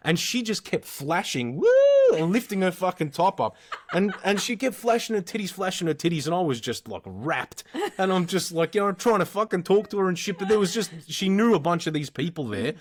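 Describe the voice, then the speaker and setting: An Australian man in his thirties co-hosting a casual podcast, with a slightly high voice. He tells stories in an animated way and swears constantly. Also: a little fast. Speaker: podcast co-host. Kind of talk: casual storytelling chat.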